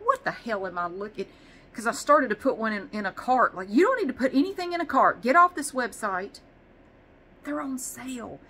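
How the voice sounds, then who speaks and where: A woman vlogger rambles in casual chat, swearing lightly and poking fun at herself. Her voice is bright and forward, with a faint hiss of noise in the background. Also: mid-range voice, low-quality recording.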